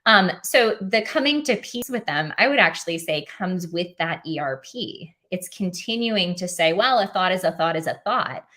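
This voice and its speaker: A woman's voice: on the low side, lively intonation, normal speed, hardly any pauses, sharp tone. Earnest woman encouraging live-stream viewers. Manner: frequent "um" fillers, restarts. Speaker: OCD advocate hosting a live Q&A.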